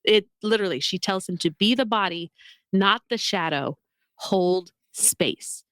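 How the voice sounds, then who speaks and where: A woman co-hosting a podcast, talking about a film in an animated, emotional, gushing way. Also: medium pitch, a little slow, dry recording, clean studio sound. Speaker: podcast co-host. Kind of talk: casual film discussion.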